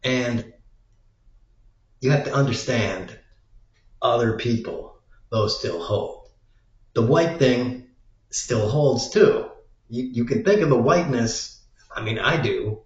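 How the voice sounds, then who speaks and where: A man's voice: mid-range voice, takes it slowly, pauses often. A man rambling in a crude, meandering monologue, swearing often. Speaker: vlogger. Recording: roomy, dull lo-fi sound.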